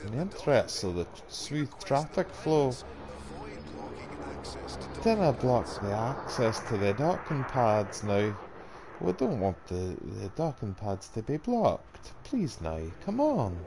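A man's voice: medium pitch, big pitch swings, takes it slowly, voice pushed up. A man voicing a fussy Scottish docking controller with a put-on Scottish accent, pleading and scolding. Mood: officious. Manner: pleading, scolding, rising indignation. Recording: noisy game audio behind.

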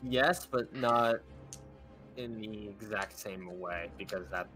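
A man's voice: fairly low pitch, takes it slowly, pushed and bright, soft background music. A man running a tabletop game as dungeon master over a voice call, often restarting his sentences as he explains the rules.

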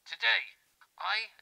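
A proud, eager young scientist announces his work, played by a man reading a fanfic. The voice sits high and sharp, with a gravelly fry and no room echo. He speaks in a showy, declaiming manner. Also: full character voice. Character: young excitable male scientist recording himself.

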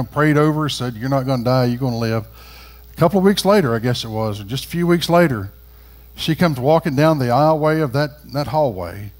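A middle-aged man with a drawl preaching in church, his voice sitting a little high for a man. He talks folksy and plain, then climbs louder and higher as he drives a point home. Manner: folksy, swings from quiet to loud and rising. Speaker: pastor. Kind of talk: sermon. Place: church sanctuary.

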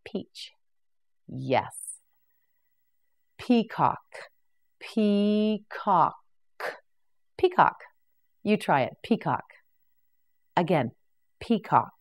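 A woman leads a beginner's vocabulary drill, saying each word slowly and repeating it. Her voice sits a little low, but her pitch moves up and down a lot, and her pace stays very slow. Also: a little mellow. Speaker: English vocabulary teacher.

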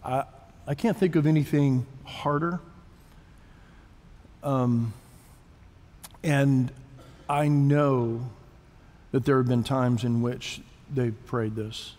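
Halting male pastor in an echoing church. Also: mid-range voice, steady tone, a little mellow. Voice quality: self-described weak voice. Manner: conversational, halting, repeats words. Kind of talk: sermon. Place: church sanctuary.

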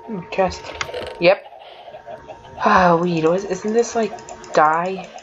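A woman giving let's play commentary, excitable and quick to exclaim. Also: fairly low pitch, highs cut off, noisy background. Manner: exclaims often, giggly and excitable. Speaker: gamer playing an adventure map.

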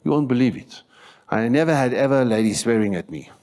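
A South African man preaching a sermon in church, telling stories with animated acted-out voices and shouting for emphasis. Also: medium pitch, quick pace. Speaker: pastor.

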